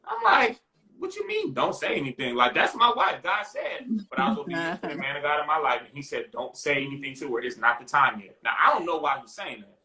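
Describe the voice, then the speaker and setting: Man, guest, expressive storyteller, echoey room sound. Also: on the high side, a little fast, crowd noise. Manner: expressive, mimics voices in stories. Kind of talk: casual testimony chat.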